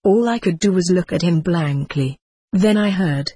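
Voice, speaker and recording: A woman reading a first-person memoir aloud as an audiobook narrator, in a measured, descriptive way. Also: fairly low pitch, warm tone, husky, no echo.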